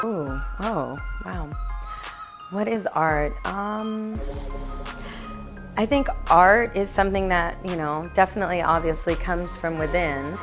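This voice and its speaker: A young adult woman, an actress, chatting in an interview in a bubbly, playful way with frequent laughs. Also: lowish voice. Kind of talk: casual interview answers. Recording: music playing behind.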